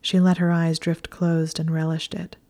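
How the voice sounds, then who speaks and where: A woman reading a story aloud in a soft, hushed, steady whisper. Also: deep voice, normal speed. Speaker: narrator.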